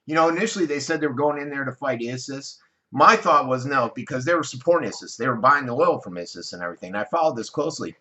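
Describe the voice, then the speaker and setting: American male news commentator, bright tone, opinionated, rambling, fairly high voice. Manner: opinionated, rambling, self-correcting. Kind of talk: casual online news commentary.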